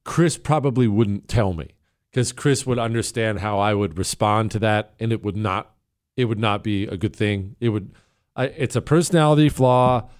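A man's voice: on the low side, moderate pace. A man hosting a talk show, delivering an opinionated, emphatic monologue that rambles with plenty of fillers.

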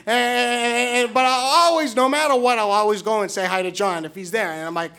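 Very high-voiced stammering man telling a story. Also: steady tone, fairly quick, pushed and bright. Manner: stammering, repeats words, chuckles through the telling. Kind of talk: personal storytelling to an audience.

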